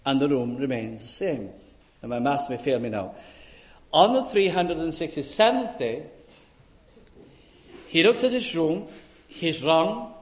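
A man preaching a sermon, telling a story slowly and deliberately and acting out the dialogue. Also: on the high side.

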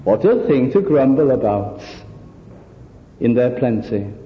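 A man preaching a sermon, earnest and full of rhetorical questions, pausing to act out the people he quotes. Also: mid-range voice, animated. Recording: echoey hall, dull lo-fi sound.

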